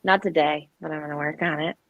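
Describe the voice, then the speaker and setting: A woman's voice: low-pitched, steady tone, fast talker, no echo, phone-quality sound. Woman from Brooklyn, faint accent, livestream co-host, foul-mouthed and playful, dry close mic. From Brooklyn, New York. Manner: teasing, laughs often, swears freely. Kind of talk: casual profane chat.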